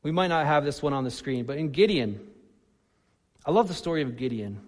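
A man preaching a sermon, animated, swinging between loud emphasis and soft asides. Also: fairly high pitch, fairly quick, big-room sound. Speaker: pastor.

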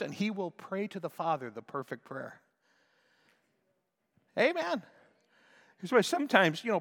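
An older man preaching a sermon as a pastor, swinging between hushed talk and impassioned shouts. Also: high-pitched, in a large hall.

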